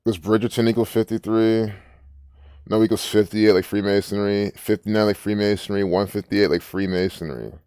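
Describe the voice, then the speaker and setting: A man with a lowish voice rants in a loose, rambling way, swearing often and sounding indignant as he reacts to what is on his screen. He talks as host of his own channel. The sound is close and dry, with no room echo. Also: fairly even intonation, normal speed, dark tone, smooth. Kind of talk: ranting screen-reading commentary.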